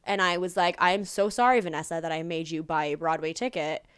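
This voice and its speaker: A woman's voice: lowish voice, fairly even intonation, fast, clear, resonant tone. A young woman co-hosting a podcast, chatting wryly, laughing often and swearing casually. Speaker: podcast co-host. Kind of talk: casual chat.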